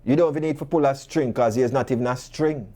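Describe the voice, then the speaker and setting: A Jamaican-accented man hosts a talk show monologue, speaking quickly in a mid-range voice. He fills it with rhetorical questions and animated stories told in patois.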